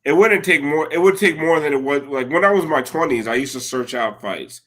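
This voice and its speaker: Fairly quick and a bit bright, this man's voice sits on the high side. In his thirties, he co-hosts a podcast, chatting casually and meandering through stories with plenty of swearing and repeated "like" fillers.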